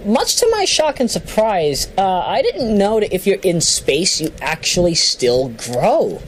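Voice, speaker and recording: A woman's voice: mid-range voice, big pitch swings, a little slow, slight background noise, low-quality recording. A woman vlogger chatting casually as she reads down a list, joking at her own expense and apologizing for her mispronunciations. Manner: chatty, self-deprecating, giggly, apologizes for mispronunciations. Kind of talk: casual solo commentary, reading down a list.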